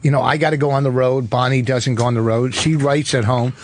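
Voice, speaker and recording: A middle-aged man, a comedian in casual radio banter, wisecracking with quick jabs. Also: medium pitch, fairly even intonation, a little hiss or hum. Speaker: comedian guest on a radio show. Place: radio studio.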